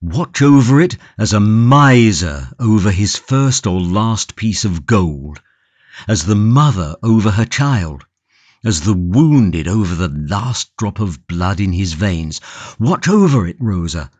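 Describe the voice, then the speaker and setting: A man's voice: on the low side, sing-song, slow pace, a little mellow, dry recording, exaggerated voice. Man doing an impassioned prisoner in an audiobook, lots of swing in the voice, dead dry studio. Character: passionate imprisoned young tulip grower, brooding and stoic. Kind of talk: audiobook character reading.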